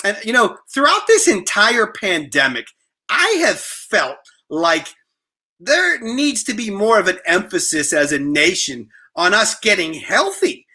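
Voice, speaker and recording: A man's voice: high-pitched, sing-song, unhurried, pushed and bright, breathy edge. A man hosting an interview in a chatty, storytelling way, often repeating his words. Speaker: interview host. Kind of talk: casual interview chat.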